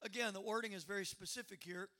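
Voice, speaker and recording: A man preaching a sermon as pastor, emphatic, repeating words and rising to loud exclamations. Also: high voice, fairly even intonation, quick pace.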